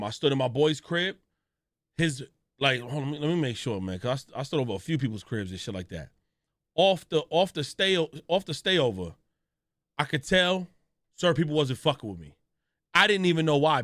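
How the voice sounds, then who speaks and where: Man, live streamer, loud joking slang-heavy banter, fairly high voice, bright, dry sound. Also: dry recording. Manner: talks straight to his chat. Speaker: streamer reacting to a video. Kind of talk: casual live-stream reaction chat.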